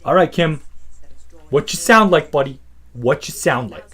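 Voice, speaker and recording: Man, podcast host, husky voice, lively swinging pitch, profane rambling riff, faint music behind. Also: a little slow. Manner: profane, animated, swaggering storytelling.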